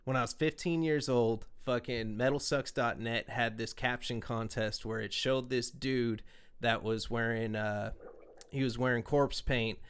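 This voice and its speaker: A man hosting a podcast, telling stories in a loose, profane, animated way. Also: mid-range voice, a little slow, clean tone. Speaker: podcast host. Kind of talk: casual chat, storytelling.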